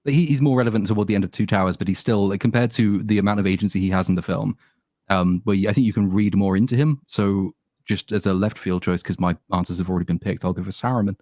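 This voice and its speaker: Fast-talking opinionated male reviewer. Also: on the low side, a little mellow, dry recording, studio quality. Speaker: reviewer on a panel. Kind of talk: casual panel chat.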